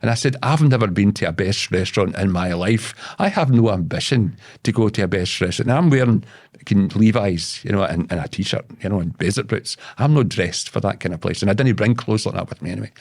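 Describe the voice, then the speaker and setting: Low-voiced, salty Scottish man telling a yarn. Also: animated, a little fast, gravelly, darkish tone. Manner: salty, swears freely, stumbles and repeats words. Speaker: podcast guest. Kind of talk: casual storytelling.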